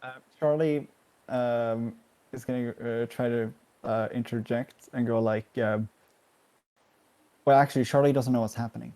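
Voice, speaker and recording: A man's voice: medium pitch, steady tone, a little slow, mellow. A man playing a tabletop game, speaking hesitantly with many fillers. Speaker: player. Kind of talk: tabletop role-play in character.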